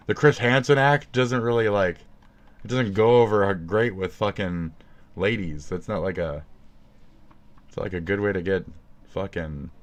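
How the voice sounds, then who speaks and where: A man with a deep, low voice rants into his phone mic. He rambles and swears nonstop, piling sarcasm into loose, profane commentary. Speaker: streamer commenting on another streamer. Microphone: phone recording.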